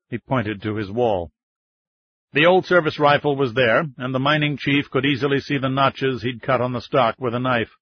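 A man reading a novel as scripted narration, in a steady, even storytelling manner, close to the mic. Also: mid-range voice, normal speed, dry recording. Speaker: audiobook narrator. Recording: dull, slightly muffled audiobook sound.

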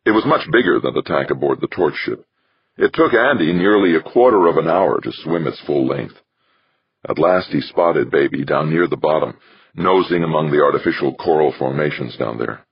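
A man narrating an audiobook in an extremely deep, gravelly voice with a husky edge. His delivery is steady and measured. The recording is dry and a bit muffled. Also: dry recording. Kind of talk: scripted narration.

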